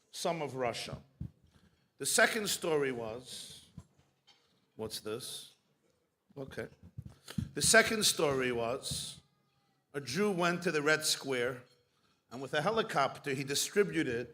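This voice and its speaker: Rabbi guy giving a keynote, slow easy storytelling, jokes, kinda higher voice. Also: bright, forceful tone. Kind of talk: humorous keynote speech.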